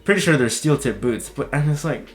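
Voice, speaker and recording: A man talking in a casual commentary vlog, heated and swearing, his voice jumping high when he is worked up. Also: lively intonation, a little fast, a crowd in the background. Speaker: video commentator.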